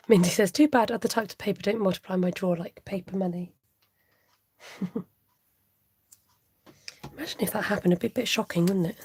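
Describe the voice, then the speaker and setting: A woman's voice: mid-range voice, normal speed, pauses often, a little mellow, husky. A woman hosting a live crafting stream, thinking aloud, humming and chatting with viewers.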